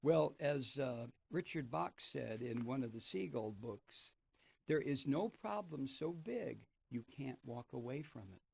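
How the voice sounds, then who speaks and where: A man's voice: mid-range voice, expressive, unhurried, gravelly, a little mellow, husky, dry recording. A man hosting a radio talk show, reading a news piece aloud and breaking off into sardonic, profane commentary. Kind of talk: political commentary, reading and remarking on an article.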